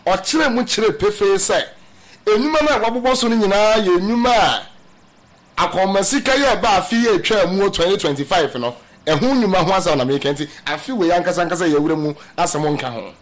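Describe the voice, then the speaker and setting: A high-voiced man delivers political commentary in an emphatic, radio-style manner. He slips English phrases into his speech and speaks to his listeners as family. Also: fairly quick.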